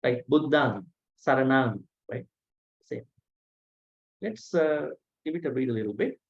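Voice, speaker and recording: A man leads an online language class and works through the sounds one at a time at an unhurried, deliberate pace. He pauses often to find his words. The audio is dull and lo-fi. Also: medium pitch, animated, gravelly, slightly rough. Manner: slow, patient, pronounces sounds one by one with many "uh" pauses. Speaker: Pali teacher.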